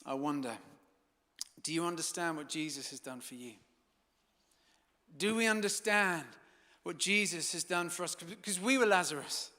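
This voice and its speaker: A man's voice: on the high side, lively intonation, normal speed, long pauses, pushed and bright, big-room sound. A man preaching a sermon as pastor, telling stories dramatically and building to fervent peaks. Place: church hall.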